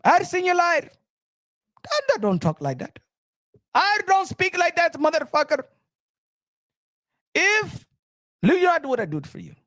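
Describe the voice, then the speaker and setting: A man's voice: extremely high pitch, huge pitch swings, measured pace, long pauses, dry recording, studio quality, voice pushed up, full character voice. A man doing a bossy, pushy boxing promoter. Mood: shouting. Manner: demanding, repeats himself, shouts. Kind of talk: comic impression.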